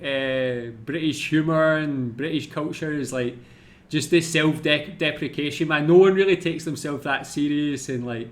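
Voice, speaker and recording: A man's voice: a little high, a little slow. A Scottish man hosting a casual reaction video, chatty and self-deprecating, often tacking "man" onto his sentences. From Scotland.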